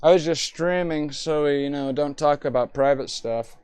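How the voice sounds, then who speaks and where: A woman's voice: low voice, normal speed, darkish tone, clean tone, no echo. A young woman live-streaming and chatting casually, talking in a playful, rambling, silly way.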